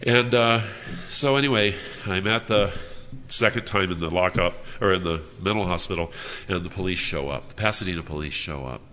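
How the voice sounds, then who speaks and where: A man sharing his personal story as a speaker at a convention, earnest and halting with frequent "uh" fillers. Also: low voice, bright, forceful tone, slight background noise. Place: hotel convention room.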